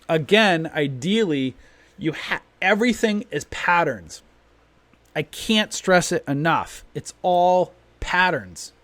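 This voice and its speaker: A man's voice: on the high side, expressive, slow pace, fairly bright tone, no room sound. A man hosting a live trading stream, talking emphatically and repeating his points in a long rant. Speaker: trading room host.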